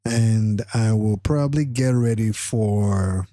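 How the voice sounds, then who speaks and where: A man's voice: on the low side, takes it slowly, mellow, no room sound, clean studio sound. A tired man hosting a live stream, rambling casually with many fillers and restarts. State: tired, struggling to stay awake.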